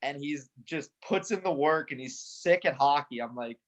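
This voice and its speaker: A man's voice: a little high, normal speed. A young man as a podcast guest, rambling in casual chat with lots of "like". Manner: rambling, many "like" fillers, laughs. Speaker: podcast guest, hockey player.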